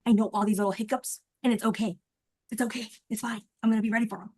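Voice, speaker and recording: A woman in her forties speaks over a video call with a slightly high, bright-toned voice. She is animated and chatty, talking straight to her listeners as a coach would. Her manner shifts into rehearsing a prepared speech. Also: quick pace, breathy edge. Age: 40s. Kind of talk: casual chat, then rehearsing a speech.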